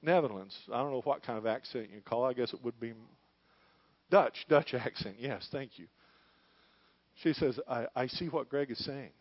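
A middle-aged male pastor preaching a sermon in church, moving between quiet, hushed lines and loud, fervent calls. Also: mid-range voice, moderate pace, no room sound, dull audio. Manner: preaching, swings from hushed to shouting.

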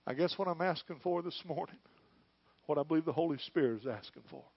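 A middle-aged male pastor preaching a sermon in church, moving between quiet, hushed lines and loud, fervent calls. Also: on the high side, lively intonation, fast, husky, no room sound, highs cut off. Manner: preaching, swings from hushed to shouting.

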